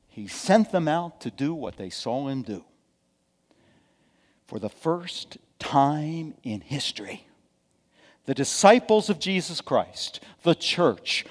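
A middle-aged man, a pastor, preaching a sermon with dramatic swings from hushed to loud and folksy asides. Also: medium pitch. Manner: folksy asides and repeated okays. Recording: long hall reverb from a church sanctuary.

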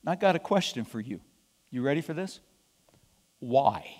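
A male preacher telling a scripture story in a sermon, deliberate and emphatic, asking rhetorical questions. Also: a little high, animated, big-room sound.

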